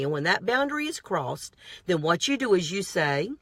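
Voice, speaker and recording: A woman's voice: fairly low pitch, very animated, moderate pace, fairly bright tone, slightly rough, no echo. A woman vlogger giving motivational self-help advice, emphatic and repetitive, with a prayerful, coaching manner. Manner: earnest, prayerful sign-off.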